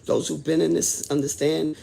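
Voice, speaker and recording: A man casually telling his own story in blunt, profane talk. He drops low and subdued, then climbs loud and worked up as he relives it. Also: flat delivery, moderate pace, creaky, a little hiss or hum. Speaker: host telling his own prison stories.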